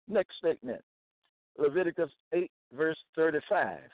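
A man teaching from scripture in a slow, deliberate way, repeating phrases and checking in with "okay?" and "all right?". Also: fairly high pitch, animated, dry recording. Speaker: self-styled Bible teacher. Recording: tinny phone-like dry sound.

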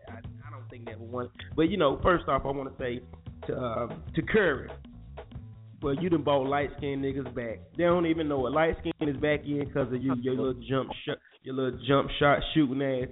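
A man's voice: mid-range voice, fairly quick. Heated, cussing man with tinny phone sound. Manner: profane, heated, repetitive ranting. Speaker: show host. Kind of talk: casual sports rant. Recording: tinny phone-like audio with faint music.

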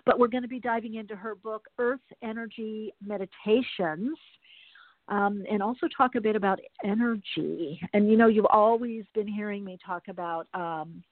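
A woman hosts a podcast in a casual, chatty manner, rambling through everyday stories at a moderate pace in a medium-pitched voice. The recording is dry, with no room sound and a tinny, phone-like quality.

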